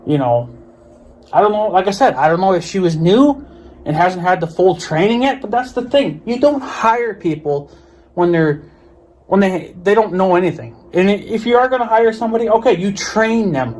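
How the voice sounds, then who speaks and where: A man's voice: sits high, animated, normal speed, a little mellow. A man with an American accent ranting to camera in a vlog, profane, exasperated and repetitive. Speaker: vlogger. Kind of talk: ranting monologue.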